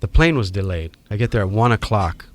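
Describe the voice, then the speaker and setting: A middle-aged man from Hawaii with a Hawaiian accent, telling animated stories as a podcast guest. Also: lowish voice, fairly quick. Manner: animated storyteller acting out quoted voices. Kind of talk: storytelling in a podcast interview.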